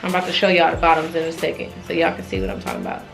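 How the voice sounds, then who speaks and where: A young woman chatting casually, expressive and exclaiming, talking straight to viewers. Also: sits low, rapid-fire, vocal fry, music in the background, low-quality recording. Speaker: fashion vlogger. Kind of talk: casual try-on haul chat.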